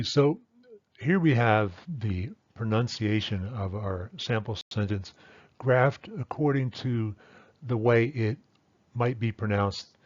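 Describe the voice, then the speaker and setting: A man's voice: fairly low pitch, no room sound, lo-fi sound. A man teaching a language lesson, explaining step by step and checking in with "right?". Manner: methodical, repeats key points, says "okay" and "right?".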